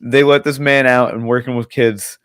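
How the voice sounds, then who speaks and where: A man's voice: medium pitch, fairly even intonation, moderate pace, fairly bright tone, clear, resonant tone, dry recording, studio quality. A young man co-hosting a podcast, rambling in casual chat with lots of filler words and swearing. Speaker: podcast co-host.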